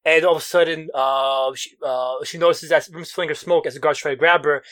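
Casting: brisk, animated guy, bit high, loose and profane, comic-book podcast energy. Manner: excitable, swears a lot, acts out characters' lines. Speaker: podcast co-host recapping a comic. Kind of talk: casual chat.

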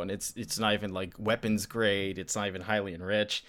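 A man chatting casually about comics on a podcast, animated and often acting out characters' lines. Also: lowish voice, normal speed, hardly any pauses.

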